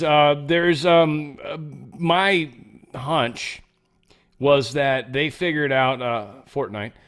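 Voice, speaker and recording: A man's voice: mid-range voice, fairly bright tone, smooth. A man hosting an online show, commenting on the news in a chatty way with joking asides and frequent fillers. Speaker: show host.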